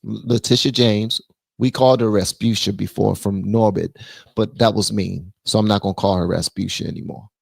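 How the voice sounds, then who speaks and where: A man hosting a casual political live stream, blunt and animated, reading viewer messages aloud. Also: fairly low pitch, moderate pace, vocal fry, no echo. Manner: blunt, animated, reads super chats aloud.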